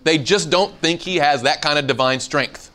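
At a moderate pace and fairly high pitch, a man runs a Bible seminar for a live audience. His manner is energetic: he throws questions to the room and acts out the lines he reads.

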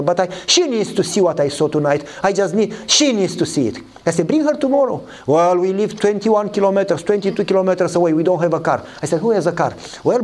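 A man preaching a sermon, telling a story and acting out the dialogue with lively voices. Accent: Eastern European. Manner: animated storytelling, acts out dialogue in a higher voice.

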